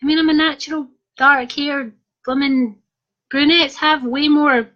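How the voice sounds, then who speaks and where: A woman's voice: high-pitched, fairly even intonation, measured pace, fairly bright tone. A young Scottish woman vlogger casually telling a cheeky story to her viewers, giggling through it. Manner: giggly, cheeky, frequently breaking into laughter. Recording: dull lo-fi sound.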